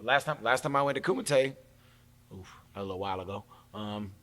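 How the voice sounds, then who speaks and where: A man in casual chat who reacts with jokes and quick quips. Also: fairly low pitch, lively intonation, a bit bright. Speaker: podcast co-host. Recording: long hall reverb.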